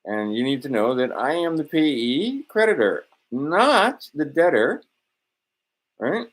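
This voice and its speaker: A man's voice: on the high side, sing-song, slow. A man in a rambling, self-assured monologue, swearing often and drifting between points. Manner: profane, digressive, self-assured.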